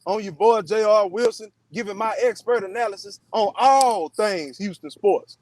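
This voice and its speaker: A man hosts a casual sports show in a fairly high voice. He talks loose and slangy, tossing in "man" and "y'all" as he goes. The sound is dry and close to the mic, with no room echo. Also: moderate pace, a little mellow. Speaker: sports podcast host.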